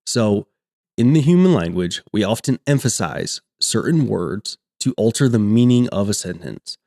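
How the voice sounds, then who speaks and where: A man explaining a coding topic step by step, reading example sentences aloud in a steady teaching manner. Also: fairly low pitch, normal speed, gravelly. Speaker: coding tutor. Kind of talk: screen-recorded coding lesson.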